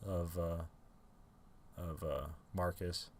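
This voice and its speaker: A man's voice: low voice, steady tone, takes it slowly, slight background noise. A man co-hosting a podcast in casual chat, rambling with many fillers and restarts and laughing often. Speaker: podcast co-host.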